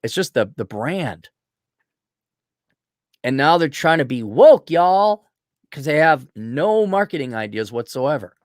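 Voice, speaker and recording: A middle-aged man hosting a livestream, reading viewer donations and ranting bluntly with profanity, frequent throat-clearing, and a voice that is giving out. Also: on the high side, very animated, a little slow, pauses often, no echo, studio quality. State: losing his voice. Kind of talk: blunt opinionated livestream rant.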